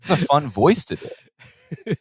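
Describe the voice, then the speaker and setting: A man co-hosting a comedy podcast, dropping deadpan asides. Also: a little high, takes it slowly, husky, no room sound, studio quality. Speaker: podcast co-host. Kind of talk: casual comedic chat.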